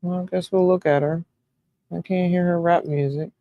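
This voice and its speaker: A woman hosting a reaction video, teasing and laughing loudly as she comments on a clip. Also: fairly low pitch, steady tone, normal speed, no echo, dull audio.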